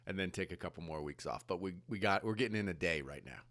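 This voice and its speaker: A man co-hosting a trading show in casual chat, laid-back and quick to laugh, full of dude and man. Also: deep voice, fairly bright tone, no echo. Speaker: co-host of options trading show.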